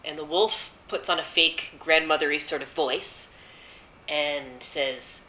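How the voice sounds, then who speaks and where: A woman's voice: sits low, slow, sharp tone, echoey room, a little hiss or hum, poor audio. A woman casually retelling a fairy tale off the cuff, chatty, with fillers and wry asides. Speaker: storyteller.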